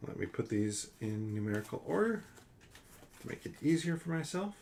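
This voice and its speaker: A man's voice: mid-range voice, big pitch swings, normal speed, vocal fry, a little mellow, a little hiss or hum. A man hosting a solo board game playthrough, thinking aloud and counting out damage and cards. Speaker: board game channel host.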